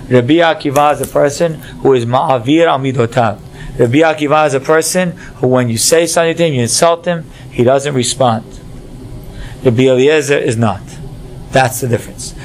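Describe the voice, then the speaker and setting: A man's voice: mid-range voice, slight background noise. A man teaching a Torah class, telling stories and acting out the voices of the people in them. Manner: animated storyteller, acts out voices in stories.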